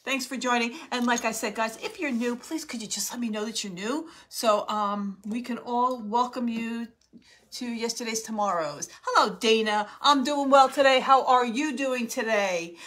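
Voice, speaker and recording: A woman's voice: on the high side, moderate pace, few pauses. A middle-aged woman from New Jersey hosting a live crafting stream from her home craft room, chatting and greeting viewers by name. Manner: chatty, warmly greets viewers by name, gasps and laughs often. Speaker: craft livestream host.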